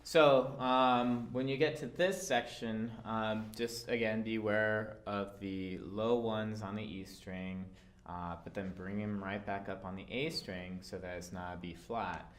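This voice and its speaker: A man teaching a violin part, calm and patient, with frequent fillers as he explains. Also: on the low side, measured pace. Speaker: orchestra teacher. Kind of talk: instructional walkthrough.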